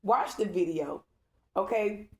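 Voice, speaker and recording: A woman's voice: medium pitch, slow pace, darkish tone. A woman tarot reader talking to her viewers in a casual vlog, emphatic and repetitive and checking in with "okay?". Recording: echoey room.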